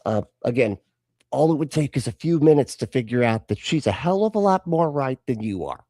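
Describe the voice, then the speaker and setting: A man's voice: mid-range voice, animated, brisk, dark tone, no room sound. A man hosting a live reaction stream, talking back at video clips with sarcastic, profane asides. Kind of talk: casual live-stream commentary.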